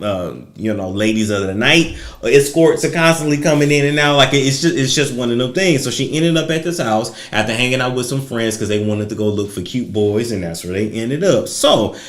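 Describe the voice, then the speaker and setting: A man's voice: mid-range voice, reverberant. A man hosting a casual celebrity gossip livestream, talking straight to his viewers and giving his opinions. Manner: conversational, opinionated, addresses viewers directly.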